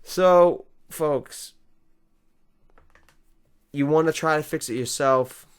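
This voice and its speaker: A man hosting a comedy vlog, ranting in a rambling, exasperated monologue that swings between loud outbursts and quiet asides. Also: fairly high pitch, slow pace, noisy background.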